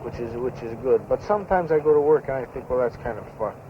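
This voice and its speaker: Actor as young greaser, slangy, rambling; lo-fi 1970s film audio, steady hiss. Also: male voice, medium pitch, fast, close to an everyday voice. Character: pushy young greaser, crude and street-talking. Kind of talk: naturalistic 1970s film acting.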